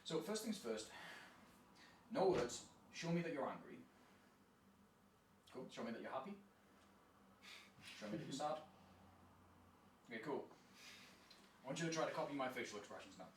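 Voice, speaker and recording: A man with a medium-pitched, sing-song voice coaches a student through acting exercises at a moderate pace, pausing often. He's upbeat and encouraging and laughs frequently. The recording is echoey and distant, with faint noise.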